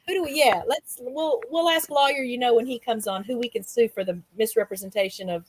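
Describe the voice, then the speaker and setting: An American woman hosting a casual interview over a video call, bubbly and quick to laugh. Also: on the high side, slight background noise. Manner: bubbly, giggly, quick-reacting. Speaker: show host.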